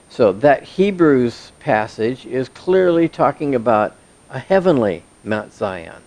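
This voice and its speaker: A man leads a Bible class, reading scripture aloud and then breaking it down in plain words. He asks his listeners questions and points them to a diagram as he goes. His voice sits at an ordinary middle pitch for a man. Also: lively intonation, measured pace, darkish tone. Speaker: Bible teacher. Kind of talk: verse-by-verse Bible teaching.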